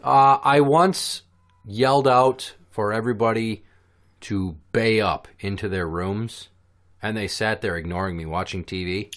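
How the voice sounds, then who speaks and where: A man hosting a casual podcast, telling stories in an animated, profane way. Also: lowish voice, a little slow. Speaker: podcast host.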